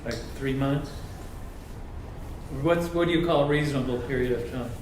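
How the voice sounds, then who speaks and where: A man's voice: mid-range voice, moderate pace. An audience member, a man, asking short, direct questions. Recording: echoey room, noisy, off-mic.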